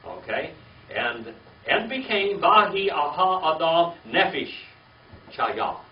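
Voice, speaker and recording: His pitch is fairly high and swings widely as he speaks slowly to a small Bible class. He poses questions, repeats the key words and adds "all right?" after each point. It was captured from a distance in an echoey, dull room with faint hiss.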